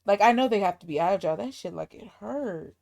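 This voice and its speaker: A woman's voice: medium pitch, lively intonation, creaky, a little mellow, no echo, studio quality. Blunt, joking woman podcast host. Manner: blunt, profane, jokey with quick asides. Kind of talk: casual chat.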